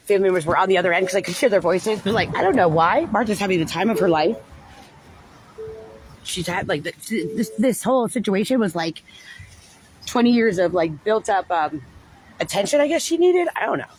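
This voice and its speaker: A woman's voice: medium pitch, lively intonation, fairly quick, a little hiss or hum. A woman talking unscripted on a livestream, rambling and agitated, with frequent swearing. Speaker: livestream host.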